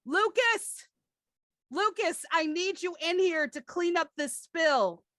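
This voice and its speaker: A woman doing a shrill, furious male boss. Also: lively intonation, takes it slowly, a bit bright, no echo, clean studio sound, heavily acted. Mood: bossy. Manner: berating, frantic. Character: angry shouting male office boss.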